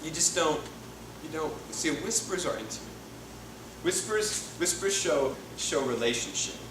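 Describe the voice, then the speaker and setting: In a noisy church hall, recorded from a distance with lots of echo, a youth pastor in his thirties delivers a playful, joke-filled sermon to a youth group amid frequent laughter. His voice sits on the higher side and is expressive and unhurried.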